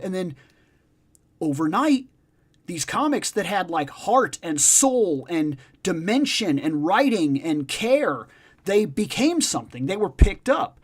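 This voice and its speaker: A man's voice: sits high, sing-song, measured pace. A man hosting a casual discussion chat, emphatic and profane, repeating his points for stress. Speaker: podcast host.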